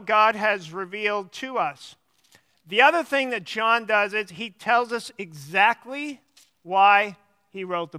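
A man preaching a sermon as pastor, teaching slowly and repeating key words for emphasis. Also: high-pitched, sharp tone, smooth, long reverb tail.

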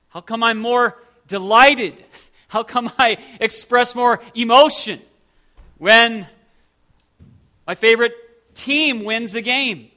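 A man's voice: high-pitched, slow, long pauses, bright, forceful tone. A man preaching a sermon as pastor, stressing single words and asking the listeners rhetorical questions.

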